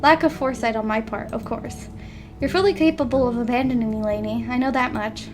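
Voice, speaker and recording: A woman's voice: on the high side, fairly quick, music in the background, natural voice. Woman reading a stern, fussy inventor. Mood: gentle, formal. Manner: formal, clipped, scolding. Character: fussy, proper male inventor, stern but fond. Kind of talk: reading a visual novel aloud.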